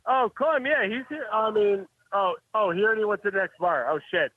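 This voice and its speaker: A man's voice: sits high, brisk, dry recording, narrow, tinny audio. A man calling in to a podcast, drunk and teasing the hosts with crude banter. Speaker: caller.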